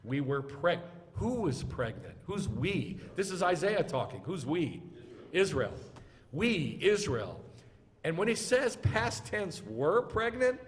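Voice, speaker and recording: A man's voice: high voice, big pitch swings, slow pace. A rabbi teaching scripture to his congregation, pressing them with repeated questions and urging them to answer aloud. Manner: drilling call-and-response, urging listeners to answer aloud. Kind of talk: interactive scripture lesson. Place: congregation meeting hall. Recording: long reverb of a large room.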